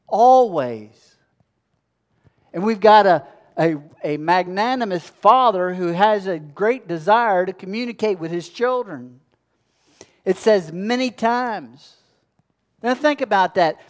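A man's voice: sits high, expressive, slow pace. A man preaching a sermon as pastor, building his points with a rhythm of repeated phrases.

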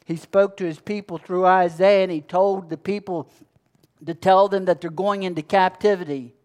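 A man's voice: sits high, steady tone, normal speed, darkish tone, smooth. A man preaching a sermon as pastor, building his points with a rhythm of repeated phrases.

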